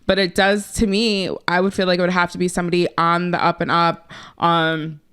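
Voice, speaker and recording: A woman's voice: on the low side, little pitch movement, brisk, fairly bright tone, clear, resonant tone. A woman co-hosting a podcast, talking in a blunt, laid-back way and swearing casually. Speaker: podcast co-host. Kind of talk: casual chat.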